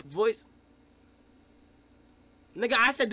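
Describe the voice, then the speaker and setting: Loud excitable young man streaming live. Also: very high voice, measured pace, long pauses. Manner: loud, excitable, profane banter with chat.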